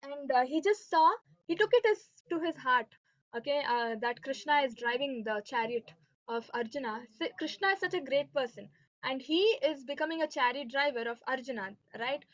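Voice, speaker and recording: A woman's voice: high voice, normal speed. A woman teaching a devotional scripture class, telling stories and often checking in with listeners. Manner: keeps asking listeners "right?" and "okay". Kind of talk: devotional lesson storytelling. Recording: dull lo-fi dry sound.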